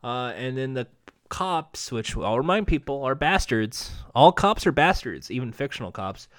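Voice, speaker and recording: A man's voice: mid-range voice, animated, normal speed, a bit bright, no echo, studio quality. A man casually recapping a TV episode with sarcastic, profane jokes. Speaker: show recap host.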